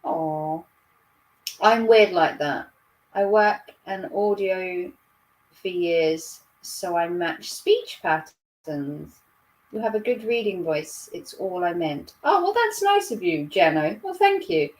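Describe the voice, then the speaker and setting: This Norfolk woman in her thirties hosts a livestream, going through viewer comments in a chatty, giggly, self-deprecating manner. Her voice is lowish yet lively in intonation, her pace slow, and she's picked up from afar.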